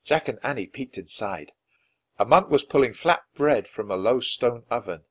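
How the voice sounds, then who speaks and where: A man reading a children's chapter book aloud in an expressive, lively way. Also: medium pitch, normal speed. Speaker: storybook reader. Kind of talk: children's story read-aloud.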